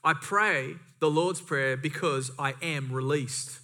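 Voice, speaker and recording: A man's voice: fairly high pitch, slow pace, few pauses, bright, forceful tone. A man preaching a sermon, reading scripture and driving points home with emphatic repetition and casual asides. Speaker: pastor.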